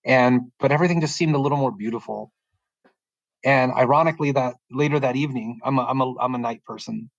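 Man, middle-aged, soft-spoken, emotional testimony, restarts often, mid pitch, dry sound. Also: gravelly, dry recording, muffled recording. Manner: halting and emotional, frequent restarts. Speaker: podcast guest sharing testimony. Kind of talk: personal testimony, casual storytelling.

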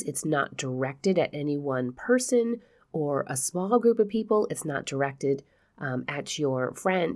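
Stuffy-nosed woman podcast host, low voice. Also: darkish tone. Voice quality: nasal. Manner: chatty, laughs often, frank. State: stuffy nose. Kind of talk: casual chat.

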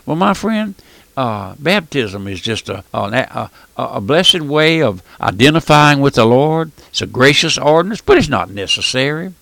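Folksy radio preacher with a lively, swooping voice. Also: male voice, mid-range voice, normal speed, gravelly, no room sound. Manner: folksy, emphatic, full of rhetorical questions.

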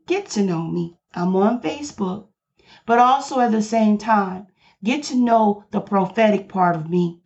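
A woman's voice: mid-range voice, a little mellow, lo-fi sound. A woman pastor preaching on her podcast, passionate and emphatic, repeating key lines for emphasis.

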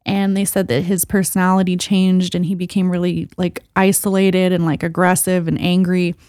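A woman's voice: on the low side, flat delivery, normal speed, darkish tone, smooth, no room sound. Woman telling a story, dry sound. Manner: rambling, filler-heavy storytelling with laughs. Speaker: podcast co-host. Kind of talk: casual storytelling chat.

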